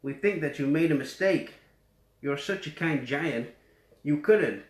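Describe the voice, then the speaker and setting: A man's voice: fairly high pitch, animated, a little slow. A man with a West Yorkshire accent putting on a raised voice for a group of pleading young children in a storybook. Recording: roomy echo.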